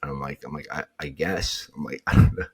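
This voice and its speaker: A man's voice: very deep voice, fairly even intonation, fast, breathy edge. A man, a podcast guest, telling a story in a rambling, casual way, packed with "like" and filler words. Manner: rambling, filler-heavy, lots of "like".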